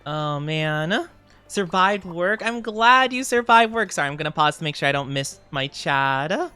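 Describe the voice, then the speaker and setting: Livestreamer, casual gameplay chat, bright, giggly voice, soft music underneath. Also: medium pitch, expressive, unhurried, clear, resonant tone. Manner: chatty and giggly, answers chat messages. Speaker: streamer reading chat.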